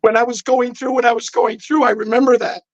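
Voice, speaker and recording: A man's voice: very high voice, level tone, brisk, no room sound, dull audio. A man on a podcast telling a personal story intensely, acting out the dialogue as he goes. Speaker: podcast guest. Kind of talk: storytelling in casual chat. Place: podcast studio.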